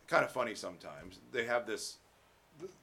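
A man preaching a sermon as pastor, emphatic and rising loud on key points, with conversational asides and fillers. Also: on the low side, big pitch swings, normal speed, husky.

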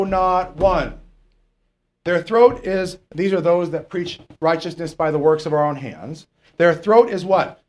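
A man preaching a sermon in church, lively and asking the congregation questions with frequent "okay?" checks. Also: fairly high pitch. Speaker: pastor.

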